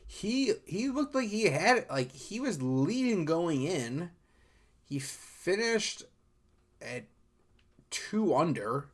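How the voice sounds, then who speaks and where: A man's voice: high voice, very animated, slow pace. A man hosting a golf podcast alone, talking loosely and rambling, with frequent fillers and restarts. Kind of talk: casual solo podcast chat.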